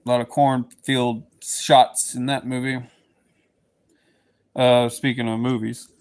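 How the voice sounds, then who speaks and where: A man's voice: medium pitch, flat delivery, takes it slowly, darkish tone, smooth. Chatty Texan man on a livestream. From Southeast Texas. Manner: chatty and playful, slipping into goofy voices. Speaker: livestream host. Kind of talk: casual live chat with viewers.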